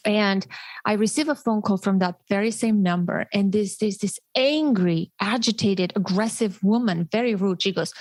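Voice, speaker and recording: A woman hosting a podcast interview, telling a personal story in an animated way, with frequent restarts. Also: medium pitch, normal speed, no echo. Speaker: podcast host.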